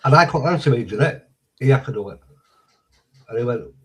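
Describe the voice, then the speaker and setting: A man's voice: mid-range voice, lively intonation, brisk, long pauses, poor audio. A blunt man tells stories in casual chat. He acts out both sides of the exchanges in a middling voice, and he swears now and then.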